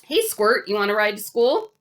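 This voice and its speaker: A woman's voice: mid-range voice, big pitch swings, normal speed, a bit bright. A woman voicing a teenage older brother who talks in a breezy, offhand way for a storybook reading.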